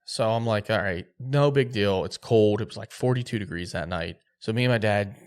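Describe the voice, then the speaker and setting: A man telling a hunting story on a podcast, animated and acting out quotes. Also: fairly low pitch, moderate pace, clear, resonant tone. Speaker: podcast host.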